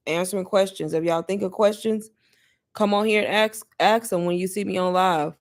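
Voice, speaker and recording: A woman hosting a casual live Q&A stream, chatty and laughing often, talking straight to her viewers as y'all. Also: medium pitch. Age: adult mother. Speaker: livestream host answering viewer questions.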